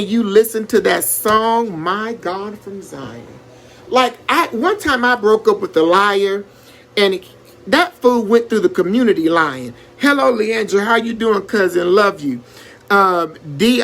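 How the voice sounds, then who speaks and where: Lively, high-voiced preacherly man. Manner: animated, preacherly, greets viewers by name. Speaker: live-stream host. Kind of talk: casual motivational live-stream talk.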